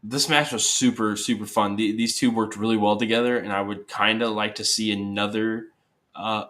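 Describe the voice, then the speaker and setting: A man's voice: lowish voice, pushed and bright. A man co-hosting a casual wrestling recap podcast, sharing easygoing, plainspoken opinions. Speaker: podcast co-host.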